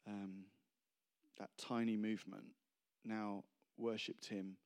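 A man's voice: lowish voice, little pitch movement, takes it slowly, darkish tone, clear, resonant tone. A man preaching a casual, humorous sermon, rambling and self-deprecating between anecdotes.

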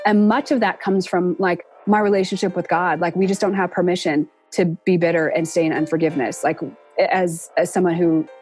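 A woman in her forties, a guest in a casual interview, talking earnestly and reflectively and acting out quoted speech with lively pitch jumps. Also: a little fast, soft background music. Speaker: interview guest, entertainment production professional.

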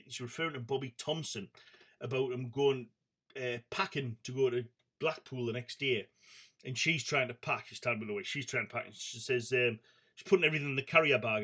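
A man's voice: mid-range voice, fairly bright tone. A man hosting a comedy show, casually reading out viewer comments with many ums, asides and chuckles.

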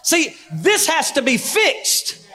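A man preaching a Pentecostal sermon in a church, fervent and rhythmic, building to shouts with repeated phrases. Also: extremely high pitch, huge pitch swings, takes it slowly, in a large hall. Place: church sanctuary.

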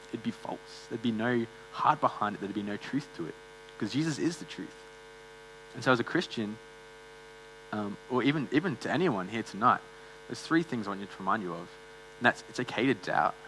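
A man's voice: medium pitch, fairly bright tone, a little hiss or hum, low-quality recording. Earnest man preaching a casual sermon. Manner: earnest, conversational, uses many fillers. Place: church.

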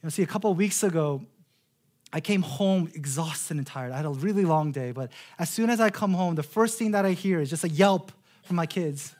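A pastor in his thirties preaches earnestly, slowing right down on key phrases and repeating words when he restarts. His voice is fairly high and a little mellow.

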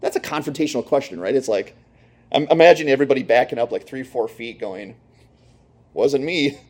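A man's voice: mid-range voice, animated, fast talker, darkish tone. A man preaching a conversational sermon, storytelling with casual asides to his listeners. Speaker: preacher teaching a lesson.

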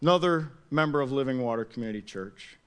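A man preaching a sermon as pastor, telling a personal story in a chatty, animated way with many restarts. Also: medium pitch, fast, smooth.

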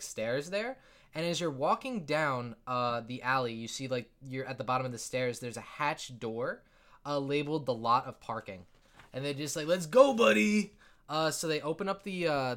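Bright-voiced rambling game master. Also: male voice, mid-range voice. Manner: rambling, filler-heavy, laughing often. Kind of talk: narrating a tabletop game.

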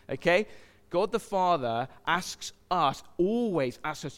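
A man's voice: on the high side, animated, a little slow, a bit bright. A man preaching a sermon in a church, chatting with the crowd and asking it questions. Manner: conversational, asks the crowd questions. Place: church hall. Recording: long hall reverb.

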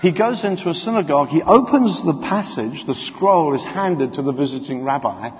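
Male preacher, fairly high voice, animated storyteller, dull lo-fi sound with long reverb. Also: moderate pace. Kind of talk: sermon.

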